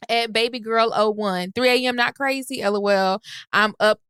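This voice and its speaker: A woman's voice: on the high side, moderate pace, a bit bright, clear, resonant tone. A woman co-hosting a podcast, reading out listener comments with a joking, sassy manner. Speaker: podcast co-host.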